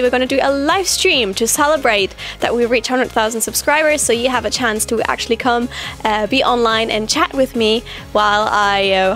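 A woman with a high-pitched voice chatting in a casual vlog. She is bubbly and excitable and breaks into exclamations often. A bit of music plays faintly behind her. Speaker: YouTuber host.

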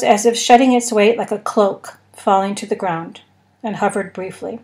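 A woman narrating a comic science fiction novel in a measured, wry storytelling manner. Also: a little high, fairly even intonation, a little mellow. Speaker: podcast narrator. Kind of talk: audiobook reading.

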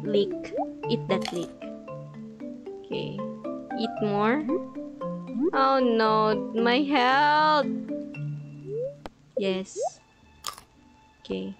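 A woman casually commenting on her own gameplay, playfully chatting at the enemies and giggling often. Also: mid-range voice. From Philippines. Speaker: gaming channel host. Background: background music.

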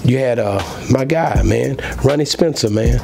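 A man's voice: medium pitch, normal speed, vocal fry, a little mellow, a little hiss or hum. A man hosting a podcast recap, talking loosely with lots of fillers and praise. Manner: loose, filler-heavy, enthusiastic. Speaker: podcast host. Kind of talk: recap narration. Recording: music playing behind the voice.

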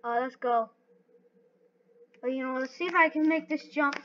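A woman giving live gameplay commentary, excitable and talking to herself as she plays. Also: high-pitched, normal speed, a little hiss or hum. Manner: excitable, talks to herself while playing. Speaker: gaming video host. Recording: dull lo-fi recording.

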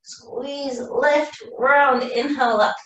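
A woman teaching a live yoga class, cueing poses calmly while doing the flow herself and running out of breath. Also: high-pitched, slow pace, highs cut off. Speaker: yoga instructor. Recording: roomy echo from far off the mic.

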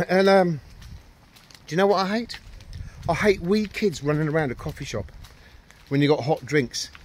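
A man's voice: on the high side, measured pace, pauses often, slight background noise. A man vlogging outdoors with his dogs, rambling and ranting, heavy with swearing and self-deprecating jokes. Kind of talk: casual rambling vlog.

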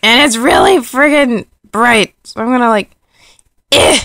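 A woman's voice: fairly high pitch, measured pace, gravelly, fairly bright tone. A woman vlogging late at night in a dim room, rambling and reading out text messages. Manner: rambling, giggly, quotes text messages aloud. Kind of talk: casual late-night vlog.

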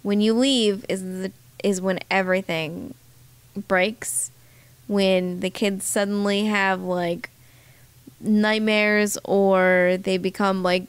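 A woman's voice: mid-range voice, fairly even intonation, slow pace, smooth, no room sound. A woman co-hosting a podcast, telling a rambling personal story in casual chat. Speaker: podcast co-host.

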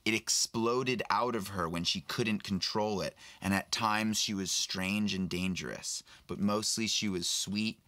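A bitter old wizard, grieving over his family, as a man reads him aloud. The voice is low and bright, with a dry, close sound. He speaks slowly and with measure. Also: no echo. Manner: slow, measured reading aloud.

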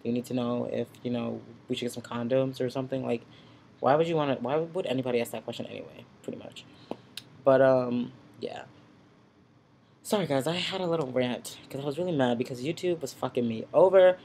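A man vlogging at home into his computer's built-in mic, sassy, blunt and openly profane. His voice sits at an ordinary pitch with a gravelly fry running through it. A faint hum of room noise stays under his talk. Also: fairly quick, darkish tone. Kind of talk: casual ranting vlog. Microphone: built-in computer webcam mic.

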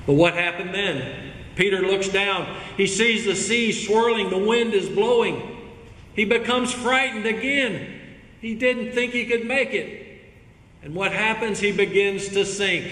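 A man reading scripture and preaching a sermon as pastor, earnest and expressive. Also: sits high. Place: church sanctuary. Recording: echoey church hall with faint ambience.

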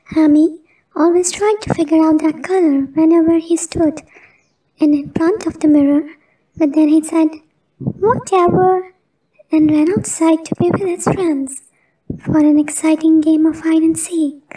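A woman telling a children's bedtime story in a gentle, expressive narrating voice. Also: sits high, normal speed, recorded from a distance, poor audio.

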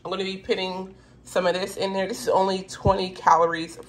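A woman vlogging casually to the camera, chatty and excitable, quick to exclaim. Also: mid-range voice.

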